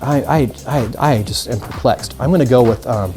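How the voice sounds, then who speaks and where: A man's voice: medium pitch, moderate pace, mellow, soft background music. A man teaching mind reading magic tricks in a casual, upbeat tutorial, chatting straight to the viewers.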